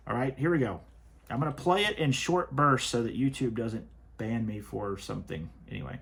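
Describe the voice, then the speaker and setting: A man's voice: mid-range voice, normal speed, gravelly, fairly bright tone. Man, commentary host, stern, emphatic, repeats himself. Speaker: host reviewing worship music. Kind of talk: opinionated commentary.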